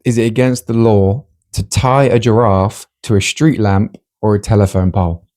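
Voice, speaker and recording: A man hosting a casual podcast, running a joke quiz in a teasing, deadpan way. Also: on the low side, normal speed. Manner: teasing, deadpan quiz-master who breaks into laughter. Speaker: podcast host.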